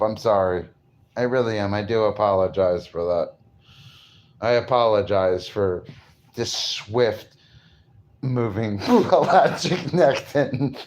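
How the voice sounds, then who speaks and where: Crude, boastful man rambling to camera. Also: on the low side. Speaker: vlogger. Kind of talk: casual rambling monologue.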